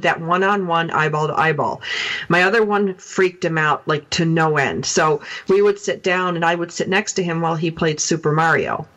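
A woman's voice: lowish voice, fairly bright tone, rough recording. A woman hosting a talk radio show, speaking in a chatty, loose way with lots of fillers.

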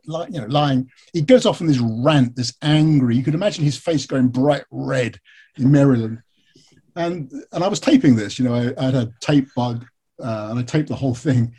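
A man from England talks through an interview with a slightly husky voice. He tells his stories with energy, often stopping to restart a phrase or add a filler, and his pitch sits in a middle range. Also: brisk. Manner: animated storytelling, frequent fillers and restarts. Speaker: author and biographer, interview guest. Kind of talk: conversational interview.

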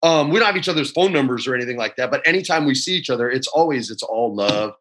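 A man in his forties, a guest telling animated, slangy stories with laughter over a video call from his home. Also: mid-range voice, quick pace. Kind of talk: casual storytelling interview.

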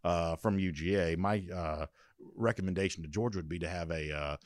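A man's voice: low-pitched, a little fast, no room sound, studio quality. A man hosting a sports podcast, giving opinionated, conversational commentary with frequent fillers and restarts.

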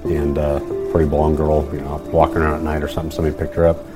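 A middle-aged man, a father, speaking in an interview in a halting, rambling way with many fillers. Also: very deep voice, little pitch movement, over loud music. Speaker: father of missing woman.

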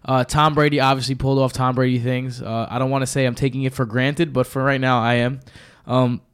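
A man's voice: medium pitch, little pitch movement, brisk, clear, resonant tone. A man co-hosting a sports podcast, giving a confident, emphatic breakdown of a football game. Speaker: podcast co-host. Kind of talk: sports analysis monologue.

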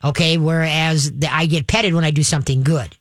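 A woman's voice: sits low, fairly even intonation, fairly quick, dry recording. Chatty folksy woman radio host. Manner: folksy, chatty, many fillers. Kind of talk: call-in advice chat.

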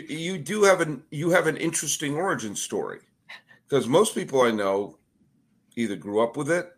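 A man hosting a podcast, chatting casually with a guest and teasing in a dry, sarcastic way. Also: lowish voice. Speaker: podcast host. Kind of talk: casual conversational interview.

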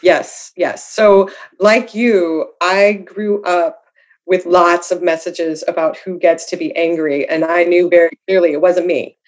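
A woman's voice: fairly low pitch, fairly even intonation, unhurried. A woman speaking as a guest author, telling her own story candidly and reflectively, with self-deprecating humor. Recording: slightly dull lo-fi audio.

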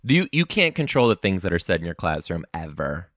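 A young man telling classroom stories as a comedic monologue, sassy and animated, bursting into high-pitched rants. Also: brisk, dry recording, clean studio sound.

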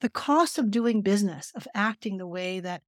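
A woman's voice: mid-range voice, lively intonation, normal speed, no echo, clean studio sound. A middle-aged woman therapist speaking earnestly and emphatically as a podcast guest, telling stories and explaining. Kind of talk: conversational podcast interview.

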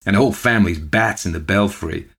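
A man's voice: low-pitched, fast, creaky, a bit bright, husky, full character voice. A man doing a jeering drunken loafer. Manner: growling, jeering, chanting. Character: coarse drunken male loafer, mocking.

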